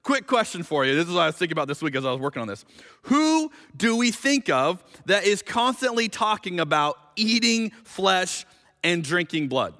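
Bright-voiced man preaching in a hall. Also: sits high. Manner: conversational, animated, reads scripture slowly and emphatically. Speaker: pastor. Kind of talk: sermon.

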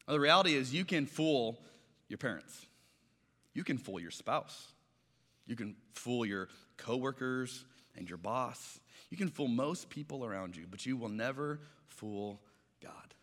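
A man's voice: mid-range voice, lively intonation, unhurried, a bit bright, in a large hall. A man preaching a sermon, telling stories in a conversational way and acting out the voices of the people in them. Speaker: pastor.

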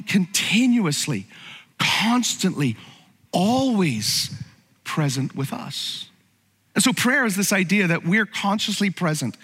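A man's voice: sits high, a bit bright, slightly rough, big-room sound. A man preaching a sermon as pastor, conversational and humorous, with frequent asides to the congregation.

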